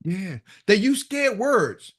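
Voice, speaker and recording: A man's voice: sits high, big pitch swings, slow, breathy edge. A man leading a motivational sales coaching call, talking emphatically, repeating himself and acting out what customers say.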